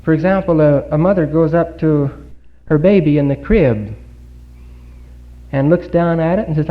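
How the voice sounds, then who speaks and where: Man, earnest sermon, slightly high voice, muffled lo-fi 1950s recording. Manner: earnest, rhetorical questions, dramatic pauses. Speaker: speaker giving a Bible talk. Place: congregation hall.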